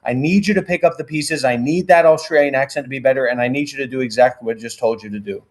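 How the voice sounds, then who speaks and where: A man's voice: medium pitch, fast. A man on a livestream, agitated and rambling, pleading with an AI and cursing. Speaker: livestream guest prompting an AI. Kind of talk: heated livestream talk.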